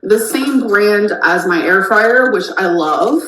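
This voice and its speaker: Talking slowly but animatedly, a woman with a mid-range, fairly bright voice chats to camera in a casual vlog, wandering between daily news and products she recommends. The room sound is noticeable, with a faint noise underneath.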